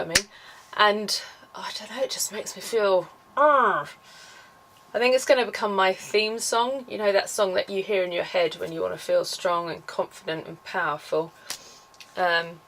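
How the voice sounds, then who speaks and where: A woman's voice: medium pitch, low-quality recording. A woman talking casually to camera in a vlog, chatty and enthusiastic with lots of fillers. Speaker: vlogger.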